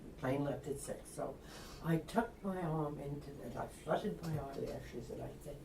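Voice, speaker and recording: An older woman from Long Island, a retired reporter, telling a lively anecdote and acting out the voices of people in it. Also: sits low, normal speed, gravelly, background noise. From Long Island, New York. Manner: lively, acts out quoted voices, laughs often. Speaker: interview guest, retired reporter. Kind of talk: anecdotal storytelling. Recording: roomy, distant mic.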